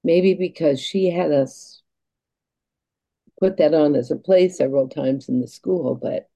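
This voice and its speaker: Low, gravelly woman telling stories. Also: dark tone, rough recording. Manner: earnest, halting, with laughs and restarts. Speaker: guest. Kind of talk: reflective storytelling.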